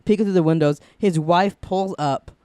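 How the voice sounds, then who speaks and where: A young man co-hosting a podcast at home, telling a story in an animated way, laughing and swearing freely. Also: sits high, moderate pace, clear, resonant tone, dry recording. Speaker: podcast co-host. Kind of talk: casual chat, storytelling.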